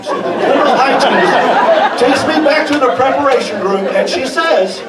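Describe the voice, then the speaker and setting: A man telling a comic personal story live on stage, animated and laughing along. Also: high voice, moderate pace, a crowd in the background, noisy background. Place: stage in a performance hall. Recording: echoey hall, distant mic, audience. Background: audience laughter.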